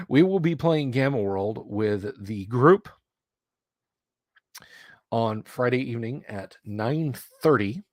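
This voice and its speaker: A man from the US South, hosting a relaxed livestream chat and rambling conversationally with many pauses and restarts. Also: medium pitch, dry recording, clean studio sound. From Alabama, US South. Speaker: streamer host. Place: home studio room.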